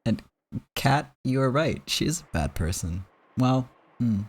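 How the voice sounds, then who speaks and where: Rambling, gravelly-voiced man. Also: mid-range voice, expressive, normal speed. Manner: rambling, stammering, emotional. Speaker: let's play host. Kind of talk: casual game commentary.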